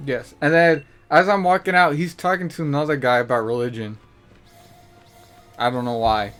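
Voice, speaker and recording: A man hosting a podcast, telling stories in a profane, animated way and acting out the people he quotes. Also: medium pitch, moderate pace, clean tone, faint music behind. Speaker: podcast host. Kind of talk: casual storytelling.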